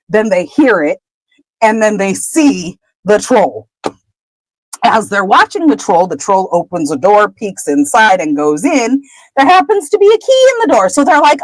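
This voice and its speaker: A woman co-hosting a podcast chattily recaps a chapter in a medium-pitched voice, laughing often and trailing off with "whatever." The recording is rough but has no echo.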